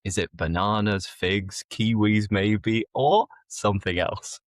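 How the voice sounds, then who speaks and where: A man's voice: on the low side, steady tone, slow, no room sound, studio quality. A man hosting a casual chat, laughing easily and turning to talk straight to his viewers. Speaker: host, English teacher.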